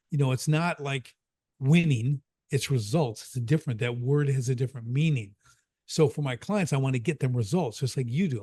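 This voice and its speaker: A man's voice: medium pitch, warm tone, slightly rough, no echo, clean studio sound. A middle-aged man from the Chicago area, an emphatic business coach who tells stories and keeps repeating key points, often checking in with "right?". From Chicago area, USA. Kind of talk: casual podcast conversation.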